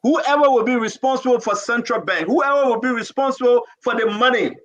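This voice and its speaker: A man's voice: very high voice, a little fast, few pauses, a bit bright. A man hosting a talk show, giving fervent political commentary full of pleading and scolding repetitions.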